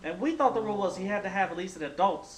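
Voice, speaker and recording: High-voiced young man telling stories. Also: very fast. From Filipino. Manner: animated storyteller, acts out quoted people. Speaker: podcast host. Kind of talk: casual chat, storytelling. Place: room with friends smoking hookah. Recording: echoey room with faint background noise.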